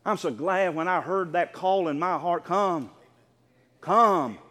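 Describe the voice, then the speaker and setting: A man preaching a sermon as pastor of his church, emphatic and building to near shouts. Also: sits high, steady tone, normal speed. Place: church sanctuary. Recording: long church reverb.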